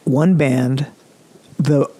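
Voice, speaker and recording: A man in a casual podcast conversation, talking in a chatty, animated way as he explains things. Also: medium pitch, drawn-out words. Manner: chatty, animated explainer who demos metal vocals.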